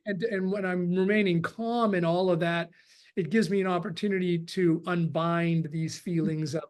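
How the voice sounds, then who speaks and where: A man's voice: sits high, fairly even intonation, normal speed, darkish tone. A man chatting on a video call webinar, rambling with restarts and acting out quoted dialogue. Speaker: webinar participant. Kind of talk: casual chat.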